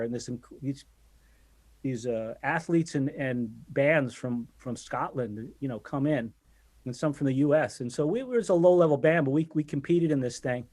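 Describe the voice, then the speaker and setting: A man, the guest drummer, telling casual stories in a podcast interview, talking in halting bursts with many restarts and fillers. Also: mid-range voice, darkish tone.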